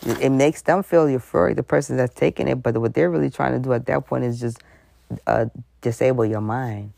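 A woman's voice: very deep voice, a little fast, vocal fry, dry recording. A woman host giving a frank, conversational commentary monologue, full of asides and acted-out voices. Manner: animated, conversational, frank, breaks into laughs and voices.

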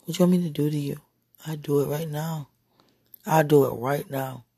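A woman speaking an intimate spoken monologue, breathy and husky, often dropping into whispers and sighing exclamations. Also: low-pitched, fairly even intonation, normal speed, mellow, no room sound, studio quality. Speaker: podcast speaker.

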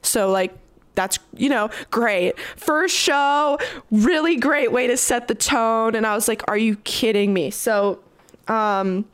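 A woman's voice: fairly high pitch, takes it slowly, clean tone, no room sound. A young woman from Canada, a touring musician, telling stories in a casual interview with lots of fillers. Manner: chatty, animated storyteller with many fillers.

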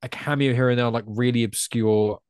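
A man's voice: mid-range voice, steady tone, normal speed, darkish tone, clear, resonant tone, no room sound. Chatty English man, dry close mic. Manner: chatty, rambling, self-correcting. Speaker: podcast guest. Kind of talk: casual podcast chat.

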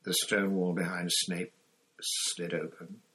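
A man narrating a storybook chapter in a steady reading voice, with an occasional slip and restart. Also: sits low, takes it slowly, breathy edge, poor audio. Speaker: audiobook reader.

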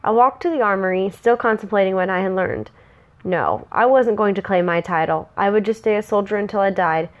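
A woman's voice: mid-range voice, animated, a little fast, highs cut off. A woman reading a fantasy story aloud in a casual way, sometimes breaking off to chat. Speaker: story reader.

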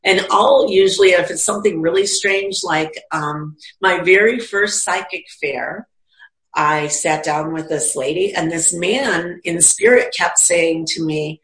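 A woman talking about her work as a medium, with a slightly low voice. She tells stories in a relaxed, chatty way and jumps into quoted voices with lively energy. Her voice carries a noticeable echo from the room. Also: a little slow. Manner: animated, acts out quoted voices. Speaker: psychic medium and teacher. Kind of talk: casual storytelling in a conversation.

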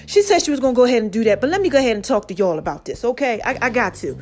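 A woman with a high voice tells a story to her viewers in a loose, chatty way, speaking to the camera. She's animated, emphatic and racing, turning to her audience again and again while soft music plays faintly behind her.

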